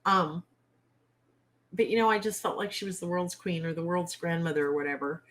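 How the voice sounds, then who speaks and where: A woman with a slightly low-pitched voice hosts a casual livestream chat. She talks bluntly and outspokenly, with salty phrasing. She keeps turning to her viewers with direct questions. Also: fairly even intonation, normal speed, fairly bright tone. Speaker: author and livestream host.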